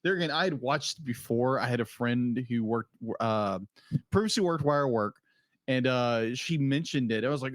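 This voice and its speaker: A man's voice: mid-range voice, moderate pace, dry recording. A man co-hosting a podcast in casual chat, easygoing, laughing often and acting out quoted lines. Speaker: podcast co-host.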